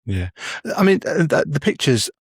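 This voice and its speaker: A man's voice: on the high side, sing-song, moderate pace, breathy edge, no room sound, clean studio sound. A man hosting a podcast and asking questions in a hesitant way, with many fillers and restarts. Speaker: podcast host. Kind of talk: casual interview.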